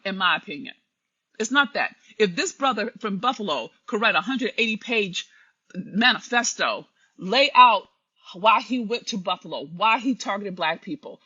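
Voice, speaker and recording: Husky yet pushed and bright, this woman's medium-pitched voice carries a preachy, emphatic live stream monologue. The commentator speaks straight to her audience with passion, and the stream audio is dull and lo-fi.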